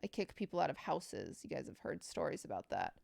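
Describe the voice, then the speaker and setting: Gravelly-voiced woman streamer, dry and close. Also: low-pitched, very animated, brisk, a little mellow, dry recording. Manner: playful, joking, thanks chat subscribers. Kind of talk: casual live-stream chat.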